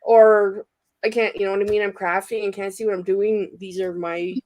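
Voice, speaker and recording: A woman guest on a livestream, explaining things in a rambling, halting way. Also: mid-range voice, level tone, a little mellow, no room sound. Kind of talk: casual livestream chat.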